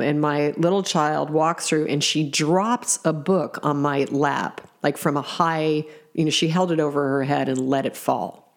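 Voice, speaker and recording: Low gravelly middle-aged woman. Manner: reflective, with fillers and restarts. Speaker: parent telling stories. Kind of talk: personal storytelling.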